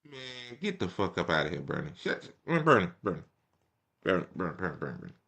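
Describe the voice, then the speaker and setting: A young man riffs on a speech he's watching, swearing, scoffing and laughing as he talks. His pitch swings a lot, and his voice has a bright, forceful edge. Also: very animated, fairly quick, gravelly. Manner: mocking, profane, laughing. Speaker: political commentary host reacting to a speech. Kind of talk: casual reaction commentary.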